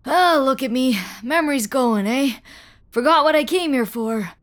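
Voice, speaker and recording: Woman putting on a frail dying old man, folksy and weary, sighs and coughs, fairly high voice, audio story. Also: a little slow. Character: frail, dying older man, gruff and kindly. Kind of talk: audio fiction reading.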